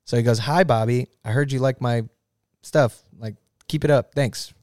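A man in casual interview chat, an animated storyteller who swears and laughs often. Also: medium pitch, normal speed, no echo, studio quality. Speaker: guest musician.

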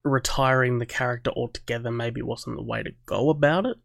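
Gravelly man in lively podcast chat. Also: mid-range voice, fairly quick, no echo. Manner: animated, laughs easily, says "like" a lot. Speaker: podcast co-host. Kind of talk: casual chat.

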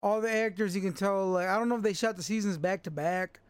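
A man's voice: high voice, quick pace, smooth, no echo. A man co-hosting a casual podcast chat, laid-back and rambling, swearing freely. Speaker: podcast co-host reviewing a TV episode.

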